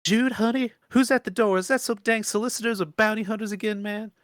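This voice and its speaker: A man's voice: high-pitched, fairly even intonation, fairly quick, a bit bright, dry recording, clean studio sound, voice pushed up. A man voicing a folksy older woman who runs a swamp bait shack, with a put-on Southern drawl and a rambling way of talking.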